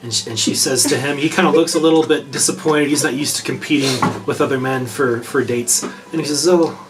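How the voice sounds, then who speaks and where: Halting game master man. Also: medium pitch, fairly even intonation, background noise. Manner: halting, repeats words as he narrates. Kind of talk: narrating a tabletop game.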